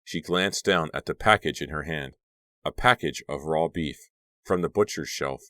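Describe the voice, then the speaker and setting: A man reading a horror audiobook aloud in a steady storytelling manner, close to the mic. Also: extremely low pitch, normal speed, no room sound. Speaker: audiobook narrator. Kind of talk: scripted narration.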